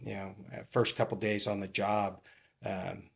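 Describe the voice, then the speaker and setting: Middle-aged ex-cop guest, lowish voice, halting rambling anecdotes with lots of fillers. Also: male voice, flat delivery, creaky, slightly rough. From California. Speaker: retired police captain, podcast guest. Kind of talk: casual interview storytelling.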